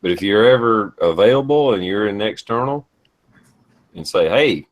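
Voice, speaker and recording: A man's voice: lowish voice, lively intonation, normal speed. A man co-hosting an online live chat, speaking in a friendly, informal way and stumbling over some words. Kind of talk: casual group chat.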